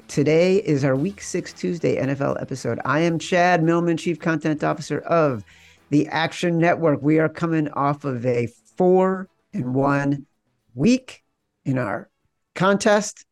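A man's voice: a little high, a little mellow, no room sound, soft background music. Upbeat, joking sports podcast host, man. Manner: upbeat, jokey, quick ad reads. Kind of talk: sports betting podcast chat.

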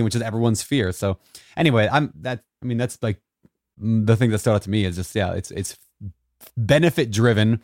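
A man's voice: lowish voice, brisk, a little mellow, no echo, studio quality. A man co-hosting a podcast, talking casually with lots of fillers and a joking way of speaking. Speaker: podcast co-host. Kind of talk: podcast interview.

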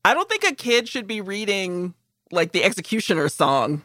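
A woman's voice: mid-range voice, moderate pace, no room sound, clean studio sound. A woman co-hosting a podcast in casual chat, telling stories with lots of acted-out quotes and swearing freely. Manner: animated storyteller, swears freely, acts out quotes. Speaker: podcast co-host.

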